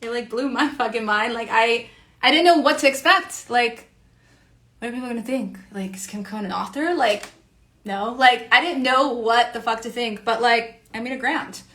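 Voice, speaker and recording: A woman's voice: a little high, normal speed, pushed and bright. A woman creator talking in a casual monologue, rambling, swearing freely and saying "like" constantly. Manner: rambling and profane, heavy use of "like". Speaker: online creator and educator.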